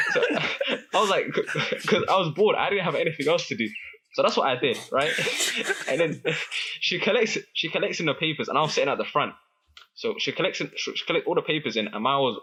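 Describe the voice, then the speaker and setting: Young guy rambling through a story, bright voice but a bit husky, keeps restarting. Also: medium pitch. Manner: animated, laughing, many restarts. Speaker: guest. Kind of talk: casual storytelling chat.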